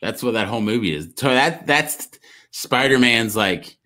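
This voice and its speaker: A man co-hosting a casual podcast, retelling stories in a rambling, animated way with lots of restarts. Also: medium pitch, normal speed. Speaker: podcast co-host. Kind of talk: casual chat.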